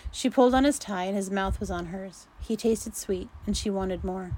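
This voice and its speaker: Woman narrator for a homemade romance story reading; even, unhurried delivery that redoes its slips. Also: medium pitch, a little hiss or hum, rough recording. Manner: unhurried reading, restarts fumbled sentences.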